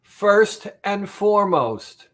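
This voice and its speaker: Male therapist, fairly high voice, slow and emphatic, motivational talk straight to the listener. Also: expressive. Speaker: weight-loss therapist.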